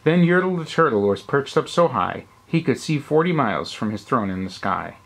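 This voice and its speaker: Dad reading a rhyming storybook at bedtime, mid-pitched, expressive. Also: male voice, moderate pace, gravelly, slightly rough. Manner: rhythmic, expressive rhyming delivery.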